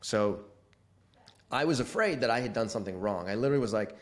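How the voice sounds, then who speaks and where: A man in his forties, slightly low in pitch, talks through his story as a podcast guest. He is casual and animated, and he jumps into the quoted lines with some flair. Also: a little fast. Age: 40s. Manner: animated, acts out quoted dialogue.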